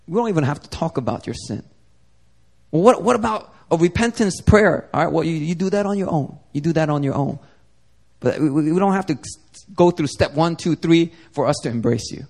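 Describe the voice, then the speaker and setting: A young man preaching a sermon as pastor, talking casually, climbing to emphatic peaks and dropping soft and low. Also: expressive, moderate pace.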